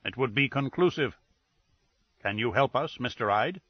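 An imperious older detective with a measured, formal way of speaking, as a male reader puts him on. The voice sits at a middle pitch. The dry, dull recording has the close sound of an audiobook. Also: expressive, breathy edge, dry recording. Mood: formal, deliberate.

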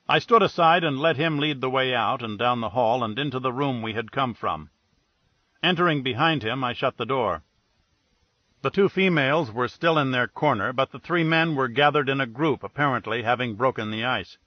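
A man reads a detective story in a wry, matter-of-fact voice of middling pitch. The recording is very dry and slightly dull, with no room sound. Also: moderate pace, no room sound. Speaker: audiobook narrator. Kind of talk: scripted narration of a detective novel. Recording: dull, dry studio read.

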